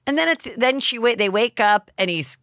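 A woman hosting a podcast, telling a story in a lively, casual way and acting out the lines of a movie's characters. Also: fairly high pitch, moderate pace, smooth, no echo, clean studio sound. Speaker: podcast host. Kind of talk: casual chat.

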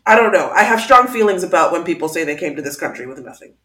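A woman's voice: lowish voice, expressive, fast, bright, forceful tone, echoey room. A woman co-hosting a podcast in casual chat, acting out quotes in mocking voices. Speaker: podcast co-host.

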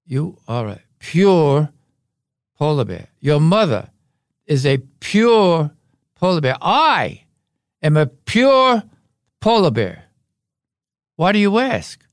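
A man's voice: fairly high pitch, big pitch swings, no room sound, clean studio sound, exaggerated voice. An older man doing a solemn father polar bear. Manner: slow, emphatic joke delivery.

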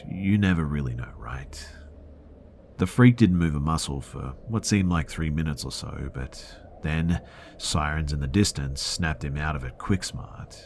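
A man's voice: extremely low pitch, slight background noise. A man hosting a podcast, reading listener horror stories aloud in a dramatic scripted narration that sometimes drops to a whisper.

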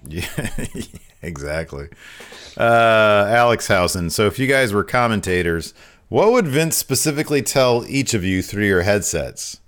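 A man's voice: on the low side, lively intonation, measured pace, fairly bright tone. A man co-hosting a casual live show, reading viewer questions aloud and laughing often. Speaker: podcast co-host reading chat questions. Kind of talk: casual chat.

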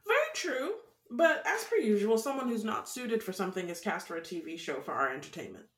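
A woman co-hosting a casual chat, joking and wry with expressive delivery. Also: mid-range voice, a little fast. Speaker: podcast co-host. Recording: roomy echo.

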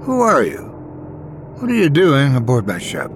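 A man's voice: mid-range voice, huge pitch swings, normal speed, noisy background. A man voicing a confused, frightened young woman's ghost in a horror story reading, raising his voice to play her. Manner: bewildered, pleading.

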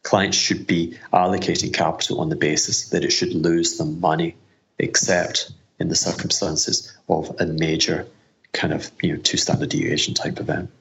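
A middle-aged Scottish man with a very low voice. He talks as an interview guest, rambling and self-deprecating, and often restarts his sentences. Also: little pitch movement, moderate pace, creaky, a bit bright. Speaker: hedge fund manager, guest. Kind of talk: conversational interview answers.

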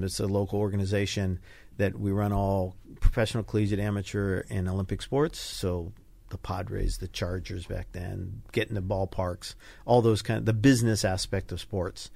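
Gravelly older man telling stories. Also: fairly low pitch, dry recording. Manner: animated storyteller, acts out quoted voices. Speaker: podcast guest, retired Navy fighter pilot. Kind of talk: casual storytelling interview.

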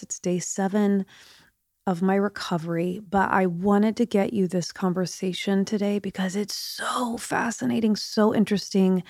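A woman's voice: medium pitch, darkish tone, dry recording, clean studio sound. Middle-aged woman with a slight lisp. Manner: chatty, confiding, drops to whispers. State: recovering from jaw surgery, limited mouth movement. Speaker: podcast host. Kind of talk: casual chat.

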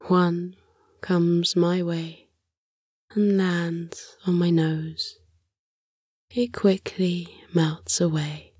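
Woman narrator, whispered bedtime story, very slow, breathy, close dry mic. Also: fairly low pitch, flat delivery, darkish tone, no echo. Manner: slow, soothing, lulling. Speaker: sleep meditation narrator.

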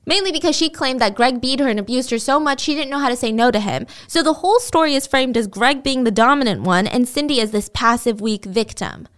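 A woman hosting a podcast, telling a true-crime story in casual, animated storytelling and acting out the people in it. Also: high voice, brisk, few pauses. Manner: animated, expressive, acts out quotes. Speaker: podcast host.

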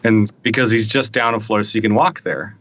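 A man's voice: fairly low pitch, steady tone, a little fast, a bit bright, dull audio. A man on a tech podcast telling work stories in a chatty, rambling way, often checking in with his listeners. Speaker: podcast panelist. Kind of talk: casual technical discussion.

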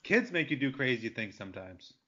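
A man's voice: medium pitch, sing-song, fairly quick, sharp tone, muffled recording. A man co-hosting a casual podcast, making dry, playful jabs at the others. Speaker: podcast co-host. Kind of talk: casual chat.

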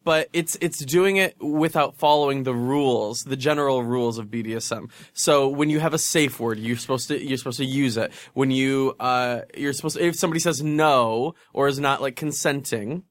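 A young man in his twenties hosting a casual pop culture podcast, playful and quick to tease his co-host. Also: medium pitch, no echo.

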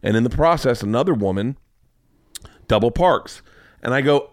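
A man's voice: fairly quick, pauses often, dry recording. Brief: rowdy podcast host, man in his 40s, big voice, dry close mic. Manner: loud, animated, swearing, acts out quotes with big pitch jumps. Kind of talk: casual chat, storytelling.

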